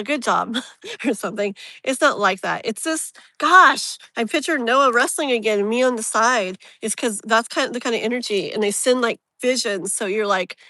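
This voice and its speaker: A woman's voice: a little high, bright, forceful tone, no room sound. A woman hosting a casual live tarot reading, rambling and emotionally open, with lots of fillers. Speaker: tarot reader, live stream host.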